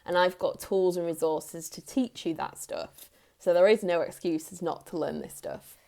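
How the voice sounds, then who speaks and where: A woman in her thirties, a parenting coach, giving earnest advice straight to the camera in a soft tone, repeating key phrases for emphasis. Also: lowish voice, normal speed, creaky. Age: 30s. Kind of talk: direct-to-camera advice talk.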